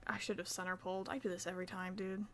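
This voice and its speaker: A woman's voice: on the low side, flat delivery, quick pace, noisy background. A young woman streaming live, chatting playfully with her viewers and counting stitches under her breath as she crochets. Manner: chatty, playful, reads chat aloud. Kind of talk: casual live-stream chat while crocheting.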